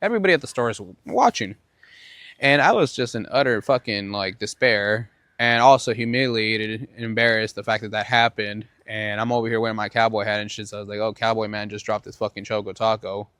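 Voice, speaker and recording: A man's voice: on the low side, fairly quick, a bit bright, no echo. A man hosting his own podcast, telling a rambling, profane story in a casual monologue. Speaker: podcast host.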